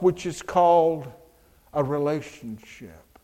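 A man preaching a sermon, moving from hushed, slow storytelling to soaring, shouted proclamation. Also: a little high, animated. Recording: long hall reverb.

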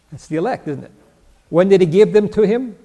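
Older preacher with a gravelly, high voice. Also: male voice, animated, moderate pace, mellow. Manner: asks the listeners questions and answers them, chuckling. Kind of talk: sermon with Bible teaching. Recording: long reverb of a large hall.

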